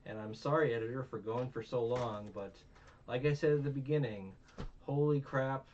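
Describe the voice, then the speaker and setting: A man's voice: medium pitch, moderate pace, darkish tone. A tired young man hosting a casual review chat, rambling with many fillers and self-mocking asides. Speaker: podcast host. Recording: distant, dull mic with faint noise.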